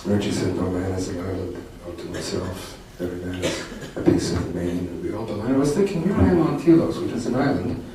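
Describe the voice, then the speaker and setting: An older man with a lowish voice tells a personal story, wry and reflective, often restarting his sentences. He is heard from a distance in a very echoey hall, with steady noise behind him. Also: fast talker, few pauses. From Canada. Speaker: poet and political commentator. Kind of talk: storytelling talk to an audience.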